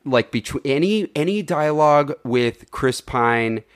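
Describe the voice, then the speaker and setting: A film podcast co-host talks casually and at length, full of filler and uncensored swearing. His mid-range voice is smooth and unhurried, with lively intonation.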